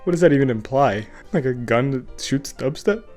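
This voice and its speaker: Brief: sarcastic male comedy reader, mid-pitched, faint music under the voice. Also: animated, moderate pace, darkish tone. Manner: sarcastic, laughing, mock-outraged asides. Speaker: comedy YouTuber reading reviews. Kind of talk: comedic commentary reading reviews aloud.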